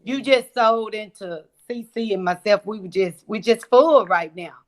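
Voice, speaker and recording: Woman, mother on church panel, warm, affirming. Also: mid-range voice, moderate pace. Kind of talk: heartfelt church panel talk.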